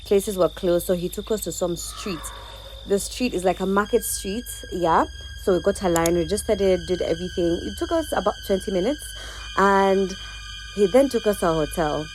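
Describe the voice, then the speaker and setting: A woman's voice: medium pitch, normal speed, darkish tone, poor audio. A young woman from Uganda, chatting animatedly to viewers as a travel vlogger over background music. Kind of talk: casual travel vlog narration.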